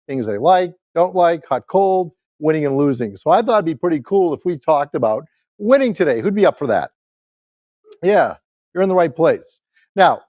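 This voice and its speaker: Energetic man giving a sales keynote. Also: dry recording. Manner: high-energy, rallying the crowd with questions. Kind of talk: motivational keynote to a live audience.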